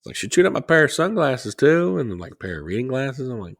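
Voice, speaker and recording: A man's voice: medium pitch, very animated, fast, gravelly. A man co-hosting a podcast, talking casually and rambling as he plugs a local business. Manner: rambling, repeats phone number for promotion. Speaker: podcast co-host. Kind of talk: casual chat. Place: Southwest Florida.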